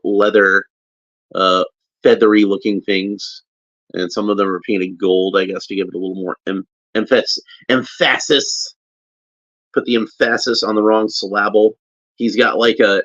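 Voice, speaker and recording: A man giving casual, halting unboxing commentary as a toy reviewer, often restarting as he handles a figure. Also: fairly low pitch, a bit bright, no room sound. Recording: dull lo-fi recording.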